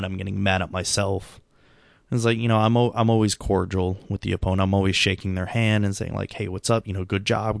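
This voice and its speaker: Man, middle-aged, low gravelly voice, tired rambling self-critical talk, dry close sound. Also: no echo. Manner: rambling, self-critical, many restarts and fillers. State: tired, subdued. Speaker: vlogger. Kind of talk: reflective casual monologue.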